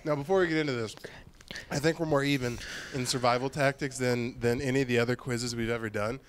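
A young man co-hosting a podcast, chatting casually with crude jokes and quick laughs. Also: mid-range voice, fairly even intonation. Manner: joking, crude, breaks into laughter, puts on voices for bits. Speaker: podcast co-host. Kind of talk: casual comedic chat.

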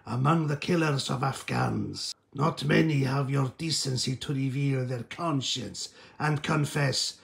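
A man putting on the voice of a slow, sinister villain reading out a statement. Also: mid-range voice, gravelly. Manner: slow, measured, theatrical villain voice.

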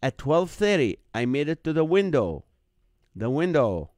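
A man's voice: on the high side, unhurried, dry recording, clean studio sound. A man from the Middle East hosting a live online show, telling a comic story and acting out other people's lines. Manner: animated, acts out other people's lines in a jumped-up voice. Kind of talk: comedic storytelling monologue.

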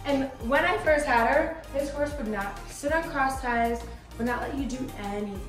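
Chatty young woman vlogging over soft music. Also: sits high, normal speed. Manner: chatty, talks to her horses in a bright coaxing voice. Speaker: vlogger and horse owner. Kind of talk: casual vlog while grooming a horse. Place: outdoors and in a barn with horses.

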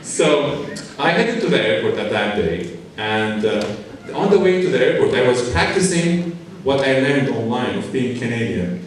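Animated Syrian-accented man in an echoey hall. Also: mid-range voice, normal speed, distant mic. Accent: Syrian Arabic. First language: Arabic. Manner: animated, acts out dialogue with playful humor. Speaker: keynote speaker. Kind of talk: humorous storytelling speech. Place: large school hall.

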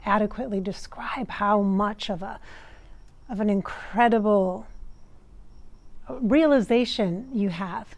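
American lady medium passing on messages, slow and halting, keeps hunting for words. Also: mid-range voice, darkish tone. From United States. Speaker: spiritual medium. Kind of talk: relaying messages in a channeling session.

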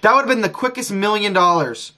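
A man streaming a casino session, frustrated, talking excitedly and repeating his pleas to the wheel. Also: high voice, a little fast. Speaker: gambling streamer. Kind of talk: live casino session commentary.

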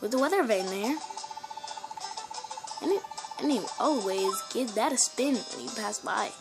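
A woman's voice: fairly high pitch, lively intonation, measured pace. A woman reading out a bossy young village girl's lines from a video game, in a scolding, nagging tone. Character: bossy young village girl waking a sleepy boy. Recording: loud game music underneath.

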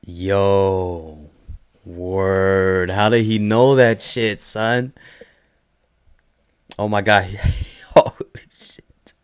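A young man hosting a reaction video talks in a slow, easygoing way. His voice sits slightly low and comes through smooth and clear. He stays loose and excitable, cursing and laughing as he goes. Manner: excitable, swears a lot, frequent laughter and "yo" exclamations. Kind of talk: casual reaction commentary.

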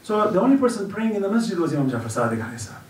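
A man giving an earnest storytelling religious lecture at a community celebration, dropping low and soft whenever he quotes someone. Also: big pitch swings, racing, a little hiss or hum. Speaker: guest speaker at a religious celebration. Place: community center hall at an event. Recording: echoey hall picked up from far off.

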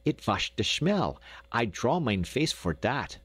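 A man voicing a good-humored Dutch boy who speaks halting broken English with a thick put-on accent and lisped s sounds, for an audiobook. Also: medium pitch, sing-song, fairly bright tone, slightly rough, no echo, pitched above the performer's own voice, exaggerated voice. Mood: cheerful. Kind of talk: audiobook character voice.

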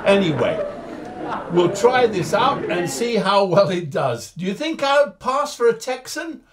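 An older man hosts his flight simulator videos, chatting to viewers directly in a cheerful, jokey, casual way. His voice is high-pitched and very animated at a measured pace, with background noise present.

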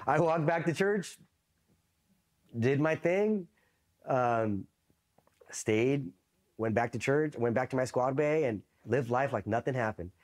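Male Marine veteran from East LA, mid-pitched, loose profane storyteller, leans on "you know" and "right?" in casual interview talk. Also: expressive, takes it slowly, pauses often, darkish tone. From East Los Angeles.

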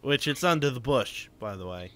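A man's voice: medium pitch, animated, moderate pace, a bit bright, a little hiss or hum. A man joking crudely and bossing his friends around while playing a game. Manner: crude joking, bossy banter. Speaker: gamer. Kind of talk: casual chat while gaming.

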